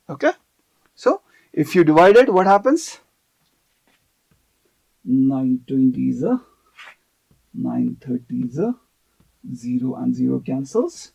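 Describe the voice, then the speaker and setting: High-voiced man teaching math. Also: gravelly, mellow. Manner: explanatory, checks in with "okay" often. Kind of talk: video math lesson.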